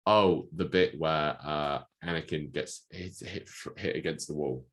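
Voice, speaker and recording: Man, very low voice, dry teasing podcast co-host, laid-back chat. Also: unhurried, a bit bright. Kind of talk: casual movie podcast chat.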